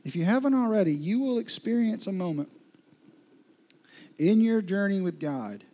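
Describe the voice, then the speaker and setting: A man preaching a sermon as a pastor, talking straight to his listeners and swinging from loud questions to hushed whispers. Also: high-pitched, expressive, moderate pace, a little hiss or hum. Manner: addresses listeners directly with repeated questions.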